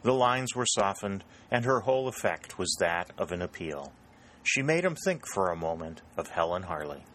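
A man reads a novel aloud in scripted narration. His voice sits very low and his delivery is steady and even. A faint hiss runs under the recording. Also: normal speed, low-quality recording. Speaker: audiobook narrator.

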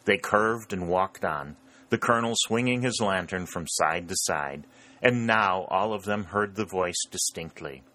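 A man reading a historical novel aloud as an audiobook narrator, in a steady, measured way. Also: low-pitched. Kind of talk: scripted narration.

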